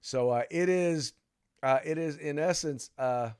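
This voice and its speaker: Man, podcast host, casual chatty delivery, somewhat high pitch. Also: a little slow, darkish tone, clear, resonant tone. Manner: conversational, reads ad copy. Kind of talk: casual political chat.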